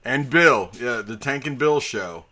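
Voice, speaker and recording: Bright, lively male stream host. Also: mid-range voice, a little slow. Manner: rambling, chatty, lots of fillers. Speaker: dungeon master and stream host. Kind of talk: casual live-stream chat.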